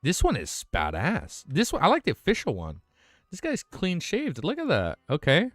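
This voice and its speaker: A man's voice: a little high, wildly swooping pitch, moderate pace, fairly bright tone, no room sound. A young man hosts a late-night livestream, gushing and swearing as he reacts to artwork. His voice sounds tired and worn out. The sound is dry and close, with faint music playing behind him. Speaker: livestream host.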